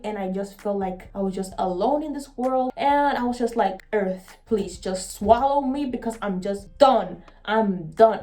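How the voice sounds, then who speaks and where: A young woman vlogger telling a personal story in an earnest, halting way, emotional and often repeating her words. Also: on the high side, dark tone.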